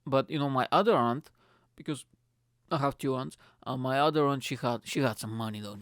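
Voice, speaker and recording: A man's voice: medium pitch, fairly quick, clean tone, no echo. A man hosting his own podcast, telling comic stories casually, swearing freely and calling listeners "mate". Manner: chatty, swears freely, says "mate" a lot. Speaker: podcast host. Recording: dry close-miked voice.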